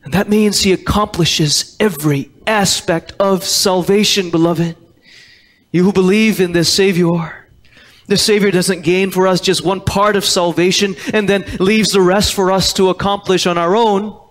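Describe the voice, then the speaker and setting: A man's voice: sits high, steady tone, unhurried. A man preaching a sermon as pastor, emphatic and repeating key words, quoting scripture in old-fashioned wording. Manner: quotes scripture in King James wording. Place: church sanctuary.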